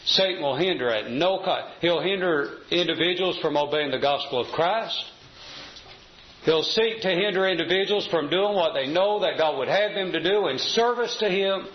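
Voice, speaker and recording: A man preaching a sermon to a congregation, reading scripture and slowing down to stress key words. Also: on the high side, slight background noise. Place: church assembly hall. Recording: echoey, slightly dull church recording.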